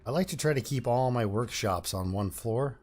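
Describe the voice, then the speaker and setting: A man's voice: medium pitch, animated, moderate pace, darkish tone. A man giving casual let's-play commentary, thinking aloud with fillers and restarts as he plays. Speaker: gameplay commentator.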